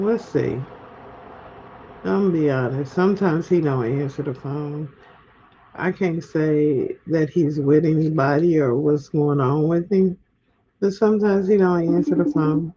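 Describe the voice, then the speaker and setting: A woman's voice: low voice, measured pace, dark tone, a little hiss or hum. A woman hosting a solo livestream, talking candidly and chattily to her viewers and laughing at herself, recorded at home. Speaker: livestream host. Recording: dull lo-fi livestream audio.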